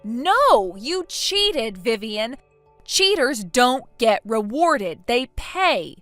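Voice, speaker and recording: A woman voicing a blunt female friend who lectures a cheater in a text story, in a somewhat high voice. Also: sing-song, very slow, a bit bright, no room sound, faint music behind, heavily acted. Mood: stern.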